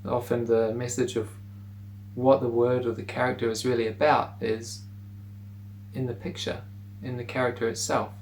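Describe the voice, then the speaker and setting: A man teaching pronunciation in a relaxed video lesson, repeating words slowly for the listener to say along. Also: medium pitch, a little hiss or hum, poor audio.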